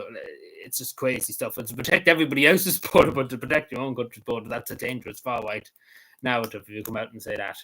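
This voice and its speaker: A man hosting a casual livestream, talking in a halting, rambling way with frequent laughs and restarts. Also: mid-range voice, a bit bright, low-quality recording. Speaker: livestream host.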